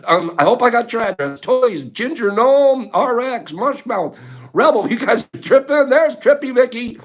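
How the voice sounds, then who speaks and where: Playful high-voiced man hosting a livestream. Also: expressive, moderate pace. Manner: playful, laughs often, greets chat by name. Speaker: livestream host. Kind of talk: casual livestream chat with viewers.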